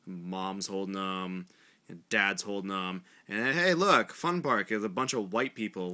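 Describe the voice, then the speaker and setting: A man's voice: sits low, measured pace, pushed and bright. A man giving crude, sarcastic commentary while reading a children's book aloud. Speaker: vlogger. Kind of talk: mocking read-aloud commentary.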